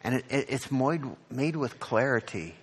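A man's voice: expressive, normal speed, husky, long reverb tail. A man preaching a sermon as pastor, earnest and repeating his words as he reads from scripture. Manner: earnest, repeats words, rises in pitch on questions.

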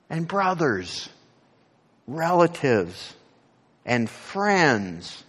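A man preaches in a sanctuary with long reverb, and his voice swings widely in pitch. He has an ordinary middle register and climbs to loud emphatic peaks on scripture. He keeps putting direct questions to the congregation. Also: animated, a little slow. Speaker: pastor. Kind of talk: sermon.

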